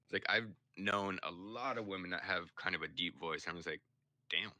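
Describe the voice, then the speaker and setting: A man's voice: low voice, moderate pace, sharp tone, dry recording. A young man streaming, chatting casually and telling rambling, profane stories. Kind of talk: casual chat.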